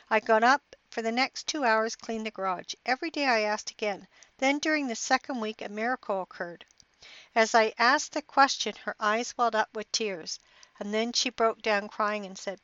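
A woman's voice: on the high side, moderate pace, bright, forceful tone, no echo. A middle-aged woman hosting a motivational podcast in an upbeat, encouraging, inspirational way. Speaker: podcast host. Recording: dry, dull lo-fi podcast audio.

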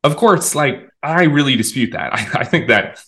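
Mid-range in pitch, with lively intonation, normal speed, and a bright, forceful tone, a male communications director speaks as an interview guest. In this conversational exchange he argues his views emphatically and at length, repeatedly restarting sentences.

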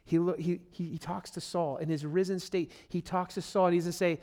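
High-voiced pastor preaching earnestly. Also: male voice, flat delivery, brisk, few pauses, dark tone. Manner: earnest, emphatic, repeats key phrases; addresses listeners directly as friend. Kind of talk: sermon.

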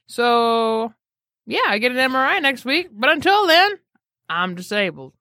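A woman co-hosting a podcast, telling a story with animated, crude jokes. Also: on the high side, unhurried, no echo, clean studio sound. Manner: animated, joking, crude humor. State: injured shoulder. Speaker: podcast co-host. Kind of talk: casual chat.

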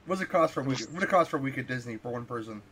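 A man's voice: medium pitch, expressive, rapid-fire, bright, forceful tone, a little hiss or hum. A man co-hosting a movie commentary podcast, joking around in casual banter. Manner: joking, mock voices. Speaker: podcast co-host.

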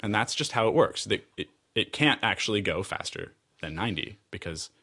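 An American man with a low, grounded voice tells a personal story aloud. He rambles cheerfully, laughs often and trips over his own phrases as he goes. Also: lively intonation, a little fast, pushed and bright, slightly rough. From United States.

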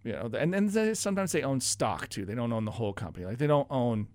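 A man's voice: mid-range voice, sing-song, quick pace, darkish tone, dry recording. Male co-host, casual explainer, dry close studio sound. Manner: explanatory, lots of restarts and laughs. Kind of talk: casual radio show chat.

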